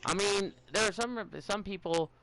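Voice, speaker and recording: Young guy rambling on a podcast, kinda scattered, keeps restarting, slightly high voice. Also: background noise. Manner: rambling, halting with many fillers and restarts. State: a bit out of it, stuttering. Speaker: podcast host giving advice. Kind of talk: casual podcast chat.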